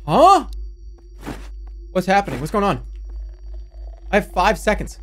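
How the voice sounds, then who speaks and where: Excitable swearing man in his thirties. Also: high-pitched, measured pace, slight background noise. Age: 30s. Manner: swearing, excitable, swings between mutters and yelps. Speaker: streamer. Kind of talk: let's play commentary.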